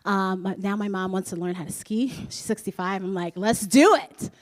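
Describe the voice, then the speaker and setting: A woman in her thirties from the United States, giving an animated, laugh-filled presentation to an audience as a guest speaker, with many fillers. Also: mid-range voice, brisk. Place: school presentation room.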